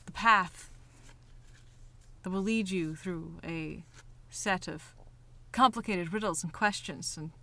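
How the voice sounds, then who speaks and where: A woman's voice: on the low side, takes it slowly, long pauses, bright, forceful tone. A woman co-hosting a podcast, chatting casually in a hesitant, self-deprecating, wry way. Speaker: podcast co-host. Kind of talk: casual chat.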